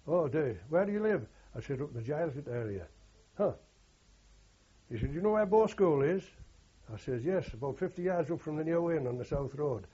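A man's voice: on the high side, lively intonation, fairly quick, warm tone, breathy edge. An older man, a war veteran telling rambling oral history anecdotes and quoting others with "he says". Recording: dull lo-fi recording.

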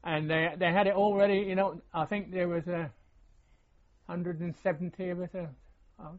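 Speaking in a high, level voice at normal speed, an older veteran remembers his time in service for an oral-history interview. He rambles and meanders, restarting often and using many fillers, and the recording is dull and lo-fi.

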